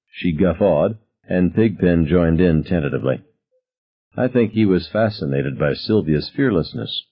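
Deep, husky male audiobook narrator. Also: a little slow, muffled recording. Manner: expressive first-person storytelling.

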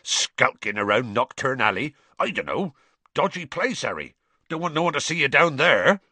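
A man voicing a huge, gruff male gamekeeper who growls his words. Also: medium pitch, big pitch swings, normal speed, bright, forceful tone, no echo, voice pushed up, heavily acted.

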